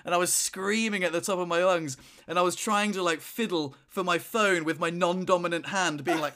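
A young man chatting on a podcast, telling a funny story with lively, dramatic retellings. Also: high voice, moderate pace, hardly any pauses. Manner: animated storyteller, shouts in retold moments. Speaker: podcast co-host. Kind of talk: casual chat, storytelling.

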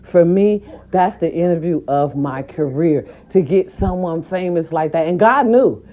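A woman vlogger telling a story and then giving a pep talk, animated and profane, slipping into quoted voices. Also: on the low side, unhurried. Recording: dull lo-fi recording with faint music.

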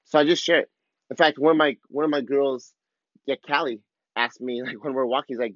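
A man's voice: mid-range voice, steady tone, a little fast, no room sound, muffled recording. A man in his thirties, a father speaking candidly and confessionally about his struggles, swearing casually. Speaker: father vlogger. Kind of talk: candid personal reflection.

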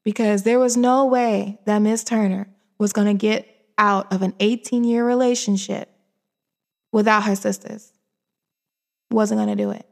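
A woman in her forties, talking in a sassy, animated and opinionated way, in a casual chat. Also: medium pitch, creaky.

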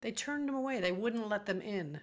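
A woman's voice: mid-range voice, lively intonation, a little fast. A middle-aged woman from Georgia, an advocacy group founder and guest, telling emotional stories in an earnest, impassioned way. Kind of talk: emotional interview talk.

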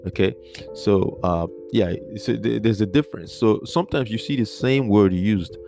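Low-voiced man teaching over guitar. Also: moderate pace, vocal fry. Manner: earnest, repetitive, spells out words letter by letter. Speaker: Bible teacher. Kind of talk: podcast Bible teaching.

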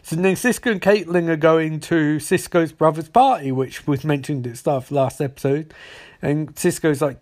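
Male podcast host, slightly high voice, loose rambling recap with bursts of put-on character voices. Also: a little mellow. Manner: rambling, acts out characters' lines in quick voices. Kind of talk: casual episode recap.

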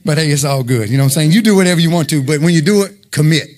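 A man's voice: fairly high pitch, rapid-fire, darkish tone. A man preaching an informal sermon, conversational and emphatic, full of rhetorical questions.

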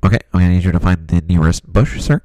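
A man's voice: deep voice, fast talker, mellow, dry recording, close to an everyday voice. A man playing a prim, officious emergency dispatcher with a blocked nose in an improvised comedy skit, formal and forever repeating "sir".

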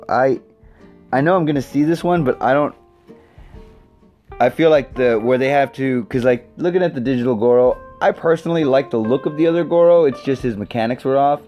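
A man's voice: medium pitch, creaky, darkish tone. A man hosting his own show in a casual, rambling monologue, swearing freely and joking sarcastically. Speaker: podcast host.

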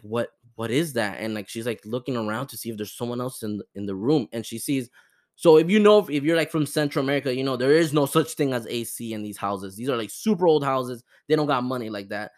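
A young man tells a spooky family story on his podcast. He talks loosely and animatedly, stumbling over restarts and dropping curse words. His voice sits at an ordinary middle pitch. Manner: animated, profane, many fillers and restarts. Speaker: podcast host. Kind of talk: casual storytelling.

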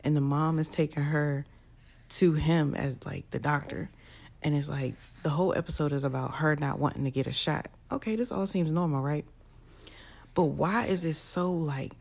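A woman's voice: low voice, darkish tone. A young woman, ranting bluntly and profanely to camera in a casual vlog. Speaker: vlogger.

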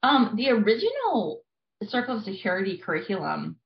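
A woman's voice: on the high side, very animated, fairly quick. A woman in her thirties, a family therapist, explaining things earnestly in a conversational interview with frequent fillers. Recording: echoey, dull lo-fi sound.

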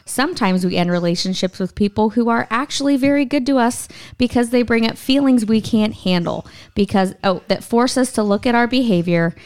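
Woman co-host with a smooth clear voice, thoughtful chat. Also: medium pitch, a little mellow. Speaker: podcast co-host. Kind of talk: casual chat.

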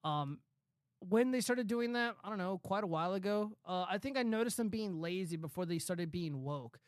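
A man in his thirties hosts a casual commentary show in a notably high voice. He rambles, swears and fills gaps with ums and uhs. The sound is dry and close, with no room echo. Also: expressive, normal speed, clear, resonant tone. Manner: rambling and profane, many fillers. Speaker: show host.

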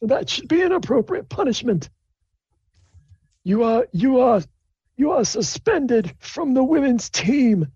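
A man putting on a high, stern university dean. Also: sing-song, a little slow, pauses often, a little mellow, slightly rough, dry recording, highs cut off, full character voice. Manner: indignant, commanding.

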